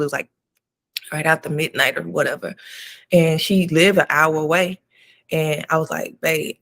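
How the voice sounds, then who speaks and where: A woman with a gravelly, fry-edged voice chats casually as a doula and co-host. She tells long stories in a loose, slangy and spiritual way, with a relaxed, conversational flow. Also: lowish voice. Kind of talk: casual chat.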